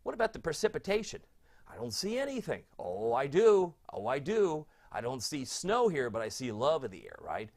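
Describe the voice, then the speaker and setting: Animated, chatty middle-aged weatherman. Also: on the high side, moderate pace. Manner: chatty, sentimental, easily moved. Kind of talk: live weather chat reading viewer comments.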